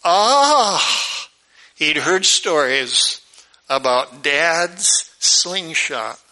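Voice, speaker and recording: A pastor tells a lively story from the pulpit and jumps into the characters' voices as he goes. His voice is high for a man and very bright and sharp. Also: unhurried, poor audio. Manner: animated, acts out the characters' voices. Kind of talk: storytelling sermon.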